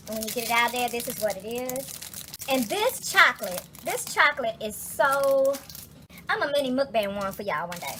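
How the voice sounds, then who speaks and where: A woman vlogging casually from her kitchen, telling stories in a profane, animated way full of asides. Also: high-pitched, slight background noise. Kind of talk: casual kitchen vlog chat. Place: home kitchen.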